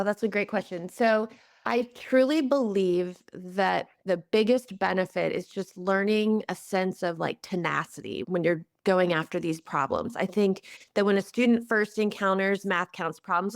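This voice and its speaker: A woman's voice: mid-range voice, moderate pace, dry recording, clean studio sound. A woman being interviewed as the head of a math organization, explaining its programs in an earnest, enthusiastic way. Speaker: executive director of a math organization, guest. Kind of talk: interview answers.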